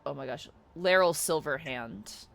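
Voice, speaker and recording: Bright-voiced man running a tabletop game. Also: a little high, a little slow, vocal fry. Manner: animated storyteller, voices the lords. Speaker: dungeon master.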